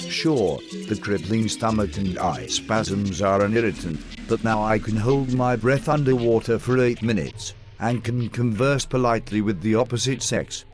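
A man voicing an odd, upbeat male pitchman who gives a spoof product testimonial over music. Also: moderate pace, hardly any pauses, natural voice. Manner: chirpy, lively sales-pitch delivery.

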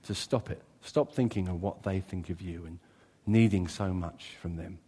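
A man preaching a sermon as a pastor, animated, swinging from loud exclamations to quiet asides. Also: deep voice, normal speed, slightly rough. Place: church. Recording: reverberant church hall.

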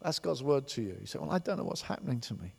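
Animated preaching man in echoing hall. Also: medium pitch, quick pace, gravelly, breathy edge. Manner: animated preaching, emphatic, repeats words. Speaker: pastor. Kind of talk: sermon. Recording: long hall reverb.

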